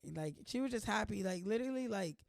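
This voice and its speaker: Gravelly, chatty young woman vlogger. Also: medium pitch, animated, brisk, darkish tone, no echo, clean studio sound. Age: young adult. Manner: chatty, playful, says "like" constantly. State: slightly hoarse from allergies. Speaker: host. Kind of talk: casual vlog chat.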